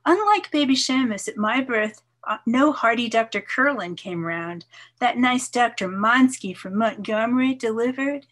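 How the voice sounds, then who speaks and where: A woman in her seventies, a poet, reading her poems in a measured, expressive way and chatting casually between them. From New York, USA. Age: 70s. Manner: measured, expressive reading, soft voice dropping low on some lines. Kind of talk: poetry reading with casual asides.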